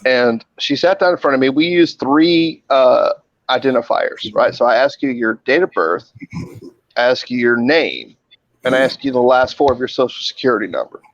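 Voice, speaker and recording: A man's voice: medium pitch, normal speed, no room sound, highs cut off. A man who works in a hospital emergency room, telling stories in a casual group chat, swearing freely and acting out the people in them. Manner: animated, swearing, acts out voices in his stories.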